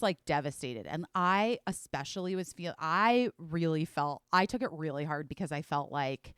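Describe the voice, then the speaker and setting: This woman's voice sits low with a clean tone as she hosts her podcast, a woman in her forties chatting animatedly through a meandering story loaded with "like" and some profanity. The audio is clean studio sound with no room tone.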